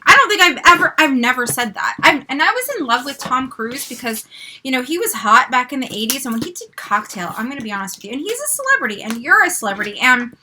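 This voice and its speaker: A woman in her forties hosting an unboxing vlog, excitable, gasping and squealing as she talks. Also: sits high, quick pace, noisy background. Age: 40s. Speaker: vlogger.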